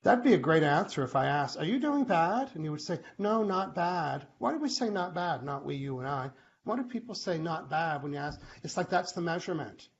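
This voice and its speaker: A man hosting a live online question-and-answer show, chatty and animated, often acting out short quoted exchanges. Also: on the high side, fast talker. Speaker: host. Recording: muffled live-stream audio with faint hiss.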